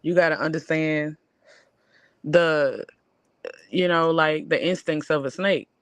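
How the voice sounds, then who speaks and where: A woman with a Southern US accent co-hosting a casual barbershop-style chat, talking in a loose, animated way full of fillers. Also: deep voice, takes it slowly, no room sound. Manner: animated, drawling, lots of fillers. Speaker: podcast co-host.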